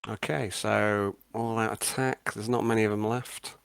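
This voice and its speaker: Male player, smooth clear voice, dry close sound, easygoing. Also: lowish voice, fairly even intonation, moderate pace, no room sound. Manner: friendly, agreeable, talks through his moves. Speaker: tabletop game player. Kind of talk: casual chat at a game table.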